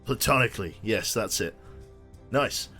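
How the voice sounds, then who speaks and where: A man's voice: on the low side, lively intonation, unhurried, bright, forceful tone, faint music behind. A young man chatting casually while streaming a game, rambling and swearing with lots of restarts. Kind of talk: casual live-stream chat.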